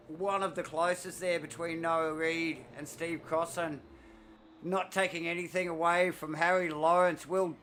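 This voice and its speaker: A man, commentating a sim race live, excitable and out of breath, rambling with fillers. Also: a little high, slight background noise.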